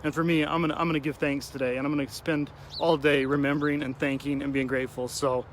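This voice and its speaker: A man's voice: a little high, level tone, quick pace, slight background noise. A man talking earnestly to his viewers outdoors, emotional and tearful at times. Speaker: vlogger addressing his audience. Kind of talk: heartfelt outdoor vlog talk. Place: outdoors at a cemetery.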